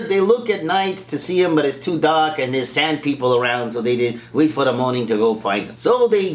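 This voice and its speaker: A man's voice: mid-range voice, roomy sound. A man recapping a film as comedy, jumping into silly impressions and laughing at his own jokes. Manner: animated, mocking, laughs at own jokes, slips into voices.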